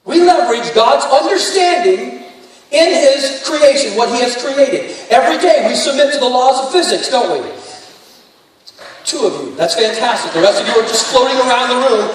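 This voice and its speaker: A man's voice: very high-pitched, expressive, normal speed. A man preaching a sermon, telling stories and then rising into fervent exhortation. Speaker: pastor. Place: large church sanctuary. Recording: distant echoey hall, faint room noise.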